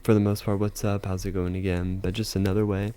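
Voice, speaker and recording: Low, mellow-voiced man teaching a lesson. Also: level tone, clear, resonant tone. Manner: explains step by step, repeats phrases slowly, fillers like "you know". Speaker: language teacher. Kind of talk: casual video lesson.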